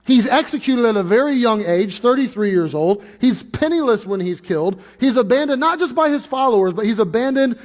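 Male pastor, high voice, earnest conversational sermon, long hall reverb. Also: expressive, a little fast, few pauses. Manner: earnest, conversational preaching with repeated restarts and rhetorical questions.

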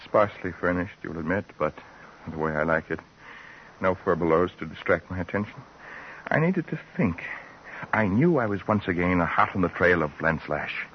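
A grandiose old adventurer. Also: male voice, low voice, expressive, normal speed. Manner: grandiloquent, theatrical. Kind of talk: 1950s radio drama acting. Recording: dull, noisy old radio recording.

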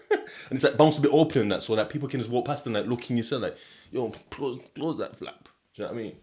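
A man's voice: medium pitch, quick pace, darkish tone. A young man, hosting a podcast in a rambling, slangy, swear-filled chat and laughing often. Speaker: podcast host. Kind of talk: casual solo podcast chat.

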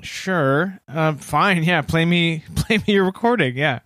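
A man's voice: a little high, measured pace, fairly bright tone, no room sound. A man co-hosting a comedy podcast, dry and skeptical, hedging his criticism with lots of "you know". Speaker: podcast co-host. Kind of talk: comedic banter.

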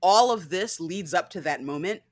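A woman in a casual chat, co-hosting a podcast that reviews a TV adaptation, talking in an animated way, swearing freely and leaning on "like" and "right?". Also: lowish voice, normal speed, no echo, studio quality. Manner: animated, profane, frequent "like" and "right?". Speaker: podcast co-host.

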